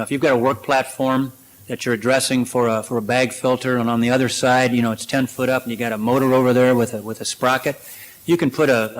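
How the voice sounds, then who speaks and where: A man at a conference lectern takes questions and answers them in a plain, practical way. His talk is loose and conversational, full of "you know" and "uh". His voice sits at a middle pitch for a man. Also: poor audio. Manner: practical, conversational, many fillers. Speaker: conference speaker. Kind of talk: presentation and Q&A.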